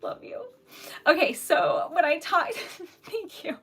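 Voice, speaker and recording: A young woman hosting a casual livestream, chatty and giggly, sometimes dropping into soft whispers as she reads comments. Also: very high-pitched, very animated, slow. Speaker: livestream host selling typewritten poetry.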